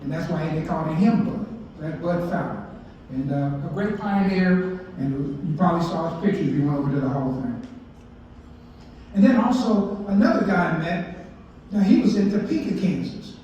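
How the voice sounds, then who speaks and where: Older guy, high voice, telling baseball stories to a crowd, far off mic in a big echoey hall, bit muffled. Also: animated, normal speed, warm tone, slight background noise. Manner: folksy, asks the audience questions. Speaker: baseball historian giving a talk. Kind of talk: storytelling lecture to an audience.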